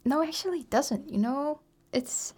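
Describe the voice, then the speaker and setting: A woman's voice: high-pitched, expressive, normal speed, darkish tone. A woman co-hosting a radio show, explaining topics in a friendly, chatty way with small laughs. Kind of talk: casual radio chat.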